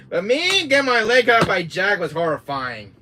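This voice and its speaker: Male streamer, bright tone and lively pitch, laughing and swearing as he tells the story. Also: measured pace, slight background noise. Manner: laughs often, swears, animated retelling. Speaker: game streamer.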